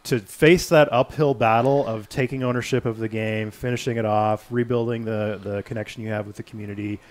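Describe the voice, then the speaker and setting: A man's voice: fairly low pitch, steady tone, fairly quick. A man chatting casually and teasingly while hosting a video game livestream. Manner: joking, teasing, playful. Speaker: livestream host. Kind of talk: casual gaming livestream chat.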